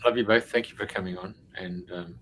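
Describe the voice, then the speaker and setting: A man's voice: sits low, fairly even intonation, a little fast, a bit bright, a little hiss or hum, low-quality recording. A man co-hosting a radio interview, joking and affectionate with his guest. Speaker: radio co-host.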